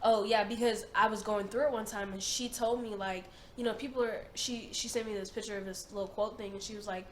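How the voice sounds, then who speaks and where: A woman's voice: medium pitch, steady tone, a little fast, hardly any pauses. Chatty young woman reacting to a video, slangy and emphatic, roomy echo with faint hiss. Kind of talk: casual chat reacting to a video.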